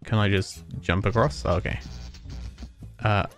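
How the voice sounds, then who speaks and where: Over soft background music, a streamer with a lowish voice and fairly even intonation plays a video game at a measured pace. His let's-play chatter is rambling and self-deprecating, punctuated by frequent chuckles.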